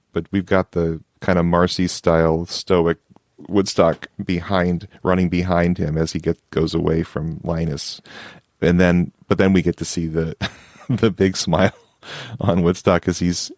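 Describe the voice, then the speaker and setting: A man's voice: deep voice, a little mellow, dry recording, clean studio sound. A man co-hosting a podcast, chatting casually and enthusiastically, often restarting his sentences. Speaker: podcast co-host. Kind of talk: casual chat.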